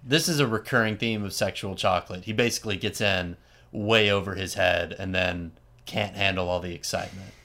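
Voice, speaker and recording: A man with a slightly low voice tells a story in a loose, chatty way. He keeps it animated, with plenty of "like" and quick asides. It sounds like an easygoing host recounting events to a friend. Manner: animated retelling with frequent "like" and asides. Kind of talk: casual storytelling chat.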